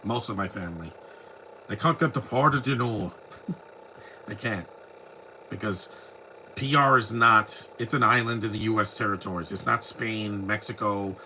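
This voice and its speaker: A man's voice: lowish voice, pushed and bright, a little hiss or hum, low-quality recording. A man from the United States, hosting a casual live movie commentary, rambling and opinionated with many restarts.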